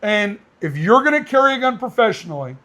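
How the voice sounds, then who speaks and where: High-voiced blunt man co-hosting a podcast. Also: fairly quick. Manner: blunt, animated storytelling. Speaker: podcast co-host, firearms instructor. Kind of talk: casual podcast chat.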